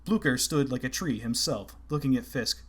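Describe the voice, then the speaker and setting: A man narrating an audiobook in a steady, measured reading. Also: mid-range voice, husky.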